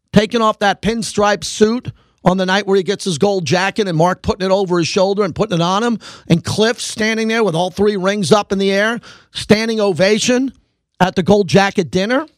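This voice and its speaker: A man hosting a sports radio talk show, speaking emphatically and building excitement. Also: high voice, no echo, studio quality. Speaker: radio host.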